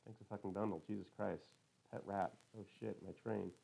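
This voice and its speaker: A man's voice: lowish voice, steady tone, normal speed, gravelly, dark tone, breathy edge, exaggerated voice, rough recording. A man reading the part of an angry male commuter who swears in exasperation, in an audiobook. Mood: exasperated. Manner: cursing, exasperated.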